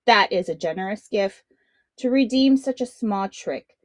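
A woman reading aloud and voicing a proud, scheming male shark king in a storybook, speaking low and sternly. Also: lively intonation, unhurried, dry recording, close to an everyday voice. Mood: suspicious.

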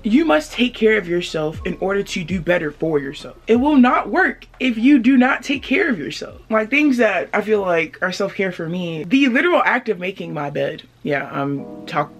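A woman vlogging from her bed, giving encouraging self-care advice to the camera and calling viewers babe. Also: mid-range voice. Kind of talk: casual advice talk to camera.

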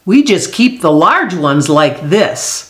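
A woman's voice: lowish voice, very animated, slow. A woman doing a patient, kindly father. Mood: gentle. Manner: gentle, reassuring. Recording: echoey room.

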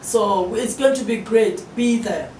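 A woman's voice: medium pitch, a little slow, darkish tone. Earnest woman minister, roomy distant sound. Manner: earnest encouraging, acts out quoted voices. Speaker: guest minister. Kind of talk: interview. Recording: roomy studio audio from a distant mic, faint hiss.

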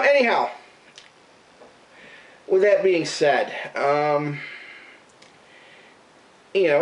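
A radio show regular and vlogger rants casually to camera, rambling and swearing with an exasperated, disbelieving manner. His mid-range voice sounds far from the mic, and the recording is rough.

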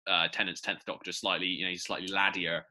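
A man co-hosting a podcast, talking things through casually and animatedly. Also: low-pitched. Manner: quick, bright and animated, musing aloud. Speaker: podcast co-host. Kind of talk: casual chat.

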